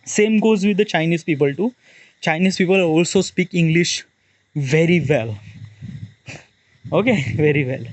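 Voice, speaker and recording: A man's voice: on the high side, measured pace, long pauses, no echo. A man from Maharashtra with an Indian accent, talking in a rambling, casual monologue with lots of fillers and restarts. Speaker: vlogger.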